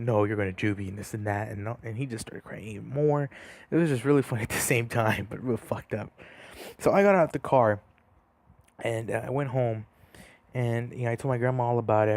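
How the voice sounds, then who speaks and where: Over gameplay, a young man casually tells a story in a mid-range, darkish voice. He rambles, using lots of fillers and restarts, and laughs at himself.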